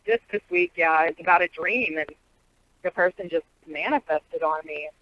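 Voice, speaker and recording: A woman's voice: sits low, moderate pace, dry recording. Middle-aged lady telling stories in an interview, kinda muffled lo-fi audio. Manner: lively storyteller. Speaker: guest, prophetic teacher. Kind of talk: storytelling in an interview. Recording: dull lo-fi sound.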